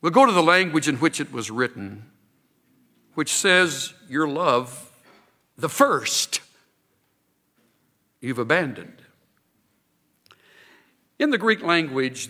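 A man preaching a sermon, emphatic and expressive, building to strong points. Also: medium pitch, long reverb tail.

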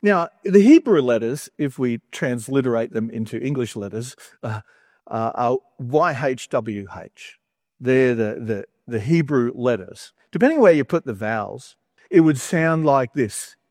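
A man's voice: medium pitch, lively intonation, measured pace, darkish tone, no room sound, clean studio sound. A man giving a conversational sermon, chatty and wry, with humorous asides between scripture readings. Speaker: preacher.

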